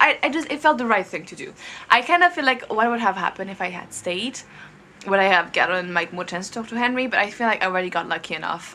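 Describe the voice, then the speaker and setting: A woman's voice: mid-range voice, sharp tone. A young woman vlogging, chatting casually to camera in a rambling way and saying "like" a lot. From outside Korea. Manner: rambling, heavy use of "like", chatty and upbeat.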